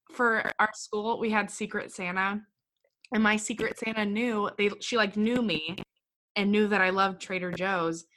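A woman hosts a casual podcast chat with a bright, sunny tone. She gushes with enthusiasm and breaks into laughter often. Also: medium pitch. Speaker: podcast co-host.

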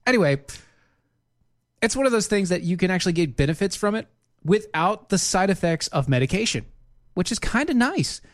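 A man's voice: high-pitched, very animated, a little fast, no echo, studio quality. A man co-hosting a podcast, joking and laughing through casual banter, then reading a sponsor spot. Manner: jokey, laughs a lot, teasing. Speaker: podcast co-host.

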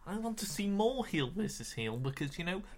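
A man's voice: high-pitched, very animated, normal speed. A man co-hosting a casual podcast, hesitant and playful, with a mock-formal way of teasing. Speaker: podcast co-host. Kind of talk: casual chat.

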